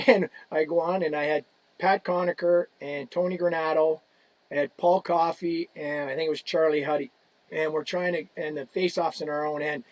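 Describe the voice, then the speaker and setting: A man's voice: a little high, moderate pace, no echo. A man, a podcast guest, telling a long story in casual conversation, acting out the quotes of people in it and laughing along. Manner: animated anecdote telling, acts out quotes, laughs, swears. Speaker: podcast guest, equipment ambassador.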